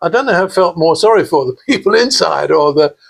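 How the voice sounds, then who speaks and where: An older Englishman, appearing as a podcast guest, tells rambling anecdotes packed with fillers and laughter in casual storytelling mode. He speaks quickly and animatedly, with a fairly high pitch and vocal fry.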